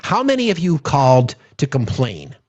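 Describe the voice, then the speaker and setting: Husky man rallying his stream. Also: medium pitch, huge pitch swings, normal speed, a little mellow, muffled recording. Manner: urgent, profane, rallying, repeats phrases for emphasis. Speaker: political livestream host. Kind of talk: impassioned live-stream monologue.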